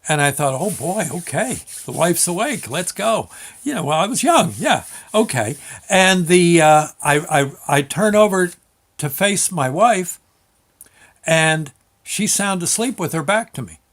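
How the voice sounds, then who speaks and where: An older man telling a personal memory in a casual, halting way, with many restarts and an amused tone. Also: a little high, animated, fairly bright tone. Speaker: storyteller recalling a memory. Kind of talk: casual spoken recollection.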